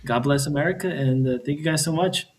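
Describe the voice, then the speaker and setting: A man speaking as a guest on a livestream, measured and hesitant, pausing often with fillers. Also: on the high side, crowd noise. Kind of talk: casual livestream chat.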